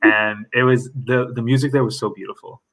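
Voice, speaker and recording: A man hosting a casual podcast, asking relaxed, curious questions and sharing stories. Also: medium pitch, brisk, low-quality recording. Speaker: podcast host.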